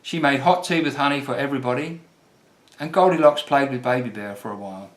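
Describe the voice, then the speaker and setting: A man's voice: mid-range voice, a little fast. Man reading a children's story. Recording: roomy echo.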